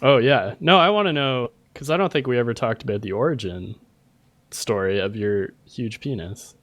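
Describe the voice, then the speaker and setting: A man's voice: medium pitch, moderate pace, a bit bright, dry recording. A man co-hosting a gaming podcast, asking playful, teasing questions. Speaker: podcast co-host. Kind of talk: casual gaming podcast chat.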